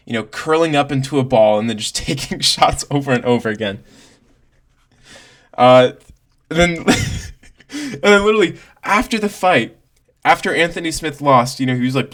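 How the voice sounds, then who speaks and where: A man's voice: medium pitch, fairly bright tone. A man ranting through a casual reaction to a fight, swearing, laughing and leaning on "like" and "bro". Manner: profane, exasperated, laughing, heavy on "like" and "bro". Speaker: MMA commentator vlogger.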